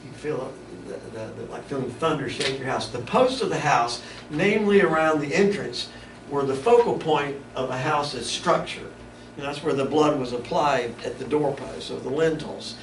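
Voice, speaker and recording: Bible teacher talking in an echoey room. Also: male voice, medium pitch, animated, normal speed, few pauses, far from the mic. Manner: conversational, stops and restarts often. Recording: echoey room, mic from afar, background noise.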